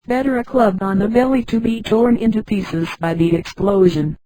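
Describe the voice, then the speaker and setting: A woman's voice: medium pitch, normal speed, no echo, lightly acted, rough recording. Eager male flight controller, read by a synthetic woman's voice. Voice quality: flat synthetic reading that voices punctuation marks aloud.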